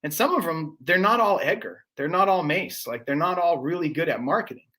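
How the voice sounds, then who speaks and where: A man with a somewhat higher speaking voice talks as a podcast guest. His delivery is loose and conversational, wandering through fillers and self-corrections. He swears freely and casually throughout. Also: animated, fairly quick, bright, forceful tone. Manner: rambling, profane, lots of fillers and restarts.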